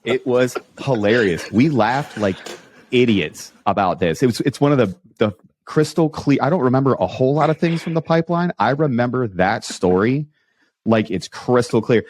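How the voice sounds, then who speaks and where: A man hosting a podcast, telling animated anecdotes with many restarts and asking his guest questions. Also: medium pitch, normal speed. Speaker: podcast host. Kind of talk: casual storytelling interview.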